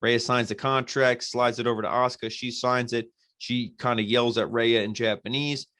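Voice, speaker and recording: A man's voice: medium pitch, steady tone, moderate pace, sharp tone, no echo. A man hosting a podcast, recapping a show casually in a blunt, profane, exasperated way. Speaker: podcast host reviewing wrestling.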